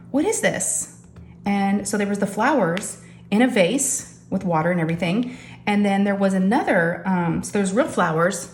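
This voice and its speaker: A middle-aged woman chatting casually as a crafting vlogger, animated and talking straight to her viewers. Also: medium pitch, slight background noise. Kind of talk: casual storytelling chat. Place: home craft room. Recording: echoey room with faint ambience.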